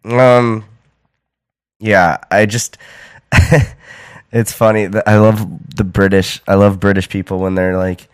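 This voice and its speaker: A man's voice: on the low side, level tone, slow, long pauses, clean tone, no room sound, studio quality. A young American man hosting a podcast, rambling casually with lots of fillers and restarts. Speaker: podcast host.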